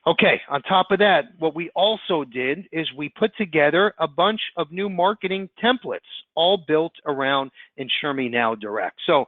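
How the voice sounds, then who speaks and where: A man giving an upbeat, fast sales pitch as presenter on a webinar call. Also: expressive, no echo. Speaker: insurance platform presenter. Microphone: conference call line. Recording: tinny phone-line audio.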